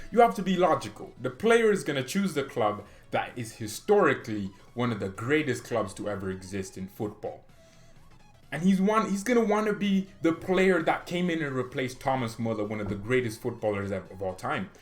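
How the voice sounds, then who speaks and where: A man hosting a casual football fan vlog, arguing his points with a jokey, needling edge. His voice swings widely in pitch as he gets worked up. Faint music sits underneath. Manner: animated, argumentative, jokey. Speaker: football fan channel host.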